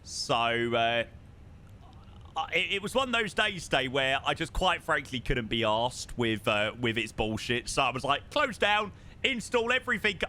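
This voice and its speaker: A chatty man with a southern English accent, casually talking through a live stream and reacting to chat. His voice swings up and down a lot and has a bright, forward edge. He swears freely and keeps things loose. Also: mid-range voice, expressive, normal speed. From southern England. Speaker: flight sim streamer.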